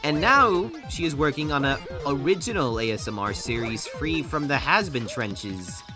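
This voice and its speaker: A game streamer talking casually to chat over video game music, rambling and often restarting sentences. The voice swings up and down in pitch with lively energy. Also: moderate pace.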